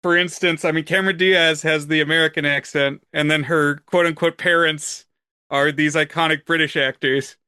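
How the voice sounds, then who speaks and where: A man co-hosting a film podcast, with a slightly higher, bright and crisp voice recorded close and dry. He explains things in a measured, orderly way, like someone laying out background from a book. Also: steady tone, no echo. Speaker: podcast co-host. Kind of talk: casual chat.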